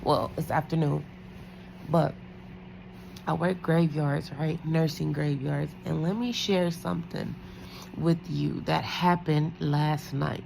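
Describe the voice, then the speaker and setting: A woman talks through a casual storytime vlog about her nursing shift, chatty and rambling, full of fillers. Her voice sits low, with a gravelly creak. A faint hiss runs under the recording. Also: steady tone, slow, darkish tone, rough recording. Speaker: night-shift nurse.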